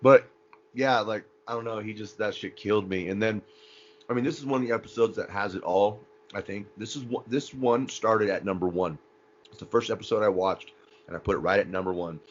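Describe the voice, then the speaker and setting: A man's voice: lowish voice, a little fast, highs cut off, slight background noise. A man co-hosting a podcast, chatting casually and animatedly about favorite episodes, often acting out quotes and laughing. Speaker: podcast co-host. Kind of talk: casual fan chat.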